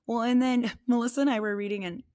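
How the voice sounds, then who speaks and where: A middle-aged woman co-hosting a casual faith podcast, animated, laughing often and acting out quoted voices. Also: on the high side, fast. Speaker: podcast co-host.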